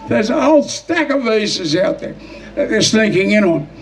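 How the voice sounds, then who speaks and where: Shouting man at a rally. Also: high-pitched, sing-song, moderate pace, recorded from a distance, low-quality recording. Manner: repetitive, rousing, rhetorical questions. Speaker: rally speaker. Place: outdoor protest rally.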